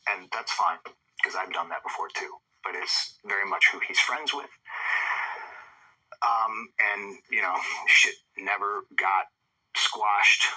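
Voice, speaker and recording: A middle-aged man who is a guest in an interview, telling candid stories fast, swearing freely and acting out old conversations. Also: sits low, sharp tone, breathy edge, no room sound, poor audio. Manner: rapid, profane, acts out past conversations.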